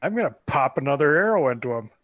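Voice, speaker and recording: A man playing a tabletop game, speaking in a halting, matter-of-fact way. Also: medium pitch, very animated, a bit bright, no room sound. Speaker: player. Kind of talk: casual tabletop play.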